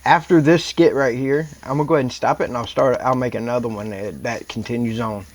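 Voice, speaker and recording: A man hosts a reaction video in loose, rambling commentary. He sounds indignant and exasperated, in a mid-pitched, everyday voice. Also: fairly even intonation, fast talker, slight background noise.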